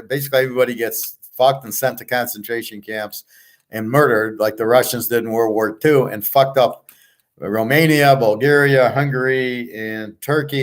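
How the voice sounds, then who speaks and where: A man from the United States hosting a casual monologue, blunt and profane as he rants. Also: medium pitch. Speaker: podcast host.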